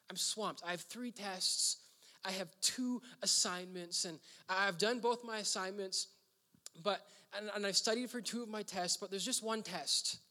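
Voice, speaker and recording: A man's voice: high-pitched, pushed and bright. A pastor retelling a frantic young woman student who is pleading for a favour, in a reverberant hall.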